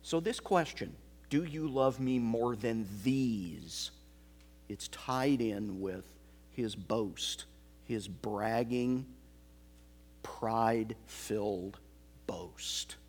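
A man preaching an expository sermon, slow and emphatic, repeating key phrases. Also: mid-range voice, darkish tone. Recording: long hall reverb.

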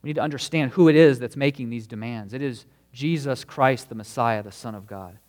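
A man's voice: medium pitch, fairly quick, a little mellow. Pastor, man, mid-range voice, delivering an emphatic, earnest sermon in a reverberant church hall. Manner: earnest, emphatic preaching with stresses on key words.

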